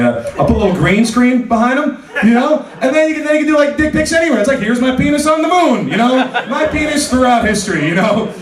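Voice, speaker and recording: High-voiced comedian in an echoey club. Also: male voice. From New Jersey. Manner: conversational, with sudden loud rants. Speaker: stand-up comedian. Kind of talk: stand-up comedy set. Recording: roomy club sound, voice from a distance.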